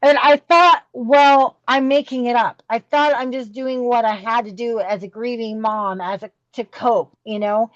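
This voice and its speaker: A woman's voice: fairly high pitch, fairly even intonation, unhurried, few pauses, dry recording, lo-fi sound. A middle-aged woman telling a candid, emotional story as a podcast guest, with many fillers and restarts. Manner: rambling, emotional, full of fillers.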